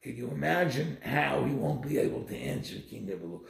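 A man giving a Torah lecture, telling stories in an animated, emphatic way, recorded in an echoey room. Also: mid-range voice, a little fast, vocal fry. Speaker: Torah teacher.

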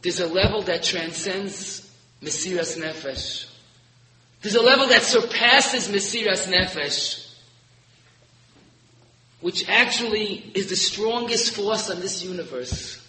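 A high, bright-voiced man preaches in a big hall, and his voice rings out with a long reverb. He swings from soaring emphasis down to hushed, quiet lines as he tells his story. The sound is sharp and forceful. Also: slow pace, long pauses, a little hiss or hum. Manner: storytelling with rising emphatic peaks and sudden hushed drops. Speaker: rabbi giving a Torah talk. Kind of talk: sermon.

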